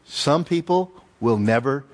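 A man preaching a sermon as pastor, telling stories with lively emphasis and repeated phrases. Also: medium pitch, a little slow. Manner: animated storytelling with emphatic repetition.

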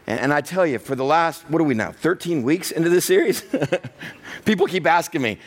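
A middle-aged pastor preaching to his congregation in a lively storytelling manner. He acts out the other people in his story, and his voice sits a little higher than most men's. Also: a little fast, a little hiss or hum. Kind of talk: sermon with personal story.

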